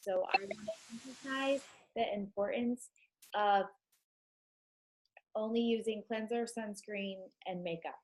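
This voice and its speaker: A woman's voice: mid-range voice, a little slow, darkish tone, poor audio. A chatty, enthusiastic woman with a stuffed-up nose, talking casually to her team on a live stream, with many ums.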